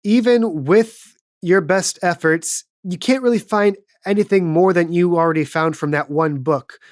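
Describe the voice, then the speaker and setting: Woman game master, low voice, relaxed and matter-of-fact, dry close mic. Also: measured pace, no echo. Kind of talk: narrating a tabletop game.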